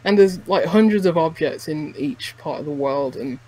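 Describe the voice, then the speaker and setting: A man's voice: fairly high pitch, lively intonation, moderate pace, warm tone, poor audio. A man co-hosting a podcast, chatting casually about a game he played, rambling and full of fillers and restarts. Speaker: podcast co-host. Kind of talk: casual chat reviewing a game.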